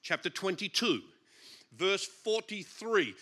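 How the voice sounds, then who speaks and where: A man's voice: high voice, slow. A man with an Australian accent preaching a sermon, reading scripture aloud and joking with the congregation. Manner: animated, joking, chuckles often. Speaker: pastor.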